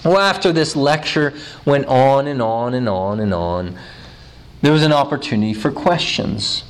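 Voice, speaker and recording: A man preaching a sermon, telling a story with emphatic pauses, then leading a prayer. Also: mid-range voice, expressive.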